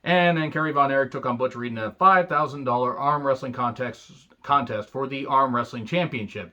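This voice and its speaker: Man, from the United States, casual review monologue, blunt and profane, sarcastic asides, bright forceful tone. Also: mid-range voice, a little fast, hardly any pauses, highs cut off. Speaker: wrestling show reviewer.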